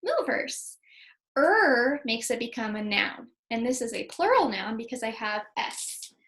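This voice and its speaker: A woman teacher with a high, bright-sounding voice leads young children through a spelling lesson. She speaks slowly and patiently, sounding out each letter and syllable with care. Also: very animated, low-quality recording. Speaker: second grade teacher.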